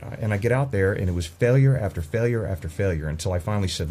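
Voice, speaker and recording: A man's voice: fairly low pitch, animated, quick pace, mellow. A man who trains police dogs, a podcast guest telling frank stories with stammering restarts and some swearing. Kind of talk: casual podcast conversation.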